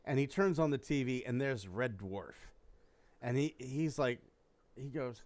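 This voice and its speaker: A man's voice: medium pitch, expressive, unhurried, darkish tone, no echo. A man hosting a podcast, rambling through a story with lots of swearing and acted-out quotes. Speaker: podcast host. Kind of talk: casual chat.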